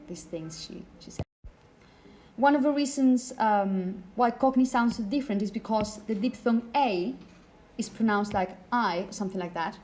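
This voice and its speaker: A woman's voice: mid-range voice, dark tone, a little hiss or hum, low-quality recording. Woman teacher lecturing a class. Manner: explanatory, asks the class questions.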